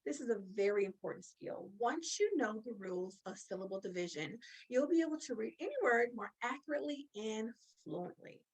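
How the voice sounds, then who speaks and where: A woman's voice: fairly high pitch, expressive, breathy edge, poor audio. A woman teaching a children's phonics lesson, encouraging and drawing out words as she claps along. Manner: slow, sing-song and encouraging, drawing out words.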